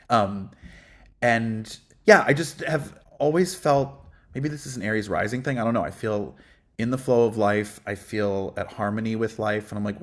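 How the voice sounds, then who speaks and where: Male guest, low bass voice, relaxed reflective podcast chat, fillers throughout. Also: moderate pace. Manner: reflective, chatty, frequent ums. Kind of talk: casual podcast conversation.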